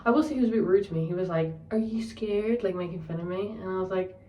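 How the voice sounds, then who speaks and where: A woman's voice: on the low side, racing, mellow, recorded from a distance, slight background noise. A young woman casually telling a story, candid and sweary, ranting. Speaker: vlogger. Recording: roomy echo, voice set back from the mic.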